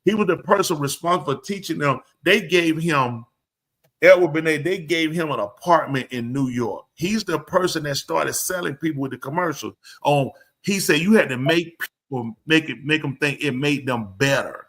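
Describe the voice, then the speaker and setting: Animated man with a drawl. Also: fairly high pitch, normal speed. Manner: animated, emphatic storyteller. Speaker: show host. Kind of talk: live show casual talk.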